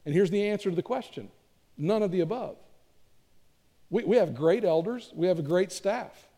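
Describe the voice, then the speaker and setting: A man pastor preaches in a casual, self-deprecating way, often repeating words as he goes. His voice sits fairly high but sounds warm and mellow. A long reverb trails his words around the church sanctuary. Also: animated, moderate pace. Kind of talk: sermon.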